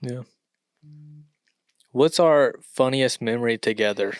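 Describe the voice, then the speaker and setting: A young man hosts a casual podcast chat and reads out questions in an easygoing way. His replies are short and relaxed. His voice sits at a middle pitch, recorded dry and close. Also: takes it slowly, smooth, dry recording. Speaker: podcast co-host asking questions.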